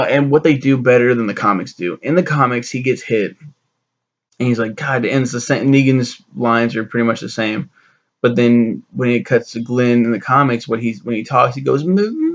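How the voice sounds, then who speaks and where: A young man rambles through a TV review in a casual, profane, animated way. His mid-pitched voice has a gravelly fry to it. The recording sounds dull and lo-fi. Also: normal speed.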